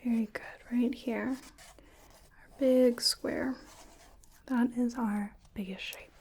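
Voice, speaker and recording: A woman slips into a whispered role-play as a gentle clinician, her voice airy and breathy. She speaks slowly and patiently, guiding each step with care. Her tone stays mellow and a touch high. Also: fairly even intonation. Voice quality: soft whispering. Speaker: ASMR artist playing a clinician giving cognitive tests.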